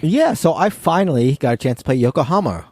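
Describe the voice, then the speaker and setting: A man co-hosts a casual board game podcast with deadpan joking. His voice has a lively lilt, and it sounds dry and close to the mic. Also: on the high side, a little fast, dry recording. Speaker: podcast co-host. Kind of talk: casual chat.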